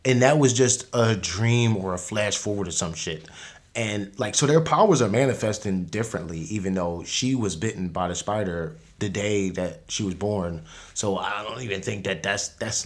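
A man hosting a podcast, recapping a movie in casual slang, rambling with frequent restarts and laughs. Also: on the low side. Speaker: podcast host.

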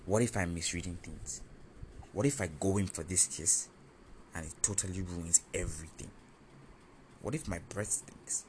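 A man telling a first-person story in an animated, confessional, self-mocking way. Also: sits low, moderate pace, pauses often, a little hiss or hum.

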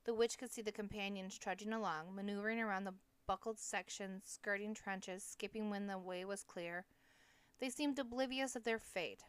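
Woman narrator, smooth clear voice, dry close sound, steady audiobook read. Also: medium pitch, no room sound. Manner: steady, measured reading. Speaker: audiobook reader.

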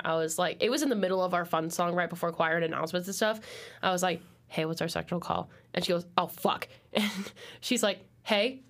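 A young adult woman hosting a casual podcast chat, telling stories in an animated, giggly way and swearing often. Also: fairly low pitch. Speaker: podcast host.

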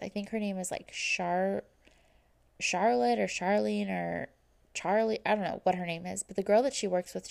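A woman's voice: mid-range voice, creaky, darkish tone. A young woman recapping episodes in casual chat, rambling and quoting people, with "like" in almost every phrase. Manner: rambling, says "like" constantly, quotes people in retelling. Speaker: reality TV recap host.

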